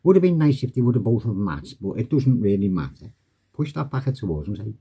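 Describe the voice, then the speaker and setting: Man, card tutor, rambling friendly patter, dark husky low voice. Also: sing-song, brisk, dull audio. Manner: chatty, rambling, acts out patter with spectators. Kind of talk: casual tutorial walkthrough.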